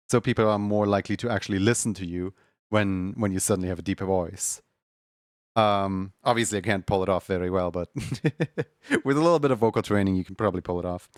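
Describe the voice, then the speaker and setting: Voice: low voice, no echo, studio quality. A streamer in casual chat with viewers, rambling and laughing often.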